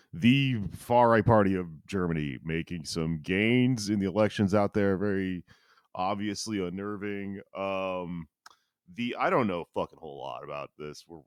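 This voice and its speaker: Man, very deep voice, dry close sound, rambling jokey podcast chat, swears freely. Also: no room sound. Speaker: podcast co-host. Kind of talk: casual chat.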